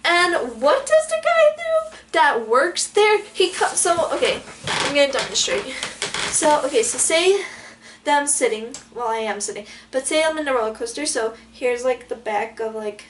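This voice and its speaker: A young woman with a high, light voice tells her story to the camera, animated and full of fillers. She slips into dramatic quoted outbursts as she goes. A faint hiss sits under her voice. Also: normal speed. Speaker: vlogger. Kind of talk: storytelling vlog.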